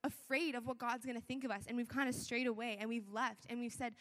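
A young woman with a high voice preaches to her church in a casual, earnest way, full of "like" and restarts. Her words ring out with a long echo, as if from a big church hall. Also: steady tone, fast, hardly any pauses, fairly bright tone. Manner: conversational, earnest, with many fillers. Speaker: church speaker. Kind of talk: sermon.

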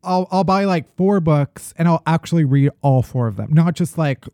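A man's voice: fairly high pitch, moderate pace, warm tone, clean tone, no echo, clean studio sound. A man co-hosting a podcast, chatting casually with a playful, self-mocking humor. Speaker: podcast co-host. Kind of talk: casual chat.

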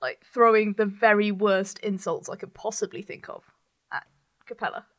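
A woman playing a tabletop game, speaking in a plain, deliberate, wry way. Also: mid-range voice. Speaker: player.

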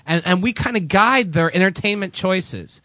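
A man's voice: high-pitched, expressive, normal speed, pushed and bright, no room sound. A man from Canada hosting a radio show, teasing and playful in bantering movie talk. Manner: teasing, playful, mock-enthusiastic.

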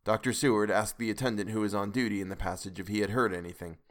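A man narrating a classic novel aloud in a grave, measured way. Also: on the low side, steady tone. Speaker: podcast reader. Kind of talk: audiobook narration.

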